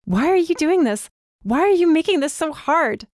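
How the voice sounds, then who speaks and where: A woman voicing a frightened but defiant young female student, emphatic and often shouting. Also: medium pitch, normal speed, no echo, clean studio sound, close to an everyday voice. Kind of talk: audiobook character voice.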